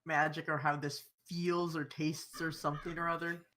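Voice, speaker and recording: Bright-voiced woman player, rambling. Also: low-pitched, little pitch movement, a little hiss or hum. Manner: rambling, halting, swears casually. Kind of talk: casual tabletop game chat.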